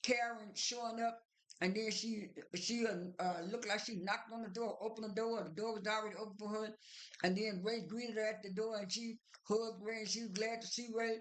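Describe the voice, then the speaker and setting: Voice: mid-range voice, steady tone, moderate pace. Rambling vlogger retelling a show. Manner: rambling, many fillers and restarts; strings events together with "and then". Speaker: vlogger recapping a reality show. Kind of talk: casual retelling monologue.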